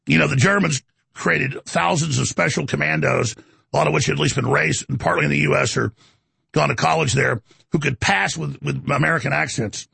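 A man hosting a talk show, ranting in a rambling, animated, indignant monologue. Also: fairly high pitch, a little fast, vocal fry, slightly rough, no echo.

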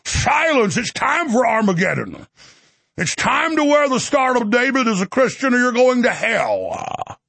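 Brief: man parodying a self-righteous male preacher type, bellowing, slow and pompous, gravelly, high. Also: sing-song, pushed and bright, full character voice. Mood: mocking bombast. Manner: mocking, bombastic, drawn-out declaiming.

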